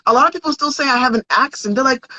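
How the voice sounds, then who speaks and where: A woman's voice: sits high, rapid-fire, pushed and bright, no room sound. A woman who grew up in America, a podcast guest talking about her life in an earnest, conversational way. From United States. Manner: earnest, conversational, with false starts. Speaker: podcast guest, content creator. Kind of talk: casual interview chat. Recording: dull, dry audio.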